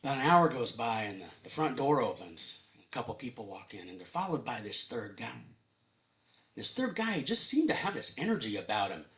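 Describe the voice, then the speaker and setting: Lively middle-aged man telling a story. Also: mid-range voice, a little fast. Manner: animated, conversational, acts out voices. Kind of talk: live storytelling performance.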